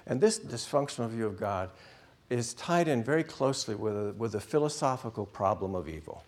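A middle-aged man preaching a sermon in an animated way, acting out voices. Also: on the low side, fairly quick.

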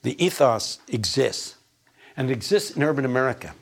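Gravelly, husky older preacher. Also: male voice, mid-range voice, expressive, normal speed. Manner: emphatic, folksy storyteller with wry asides. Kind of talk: sermon.

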